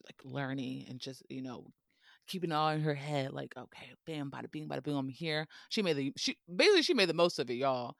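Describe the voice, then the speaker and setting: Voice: medium pitch, fairly bright tone, dry recording, studio quality. A podcast host telling history in a casual, playful way, with joking asides and frequent laughter.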